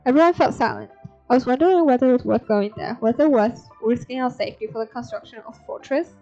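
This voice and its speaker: A woman's voice: on the high side, fast, warm tone. Young woman streamer reading a game aloud. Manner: reads story text aloud, breaks off for blunt, swearing asides. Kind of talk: reading a visual novel aloud with commentary. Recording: slightly dull stream audio with faint music.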